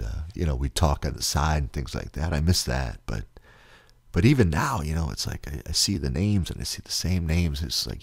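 A man with a very deep, husky voice hosts a solo podcast. He rambles earnestly, trips over repeated words and sounds close to tears. The recording is dry and close to the mic. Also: warm tone, dry recording. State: near tears. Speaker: podcast host.

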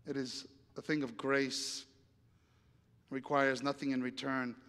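A man's voice: medium pitch, flat delivery, unhurried, a bit bright. A male pastor preaching a sermon, telling a story and acting out the dialogue, then building to emphatic appeals. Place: church sanctuary. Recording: long church reverb.

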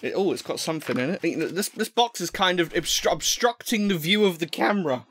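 A man's voice: sits high, expressive, a little fast, fairly bright tone, slight background noise. A young man rambling and joking as he unboxes fan mail at home into a desk microphone, full of fillers and restarts. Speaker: vlogger opening fan mail. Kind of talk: casual unboxing vlog. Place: room at home.

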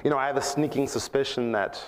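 A man preaching a sermon at church, earnest and reflective, rising in pitch to stress his points. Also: fast, big-room sound.

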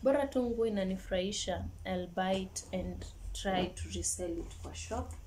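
A woman's voice: medium pitch, normal speed, noisy background. A young woman chatting casually in a vlog, slipping Swahili phrases into her English. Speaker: vlogger.

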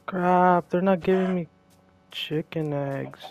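A man giving casual gameplay commentary, jokey and excitable, talking to himself and to the game's creatures. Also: high voice, takes it slowly, gravelly, background noise.

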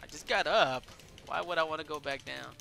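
A man giving casual let's play commentary over a wrestling game, excitable and swearing, yelling at the game and shouting out moves. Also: a little high, brisk, vocal fry, a little hiss or hum. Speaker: gameplay commentator.

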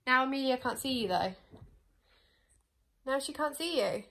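A woman cooing to her dog and a baby at home, in a soft sing-song way. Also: high-pitched, expressive, moderate pace, creaky. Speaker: dog owner filming her pets. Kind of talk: cooing baby and pet talk. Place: home, indoors.

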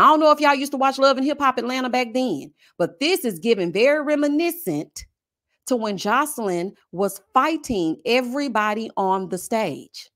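Woman vlogger reviewing reality TV, sassy and theatrical, higher voice with big swings. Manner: sassy, animated, acts out quoted people. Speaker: reality TV commentator.

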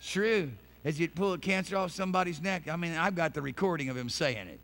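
A man preaching a sermon as pastor in a church. He repeats and restarts phrases, and builds from quiet talk to shouted preaching. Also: a little high, fast.

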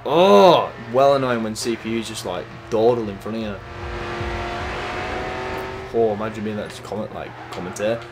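A man casually commentating his racing gameplay, chatty and excitable, cursing at the game. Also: lowish voice, moderate pace, pauses often, heavy background noise. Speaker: gaming YouTuber. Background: game music.

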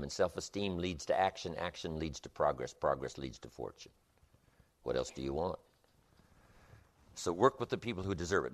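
A man delivers a motivational speech with emphatic, rhythmic repetition. His voice sits low and swings widely in pitch. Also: fairly bright tone. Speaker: motivational speaker.

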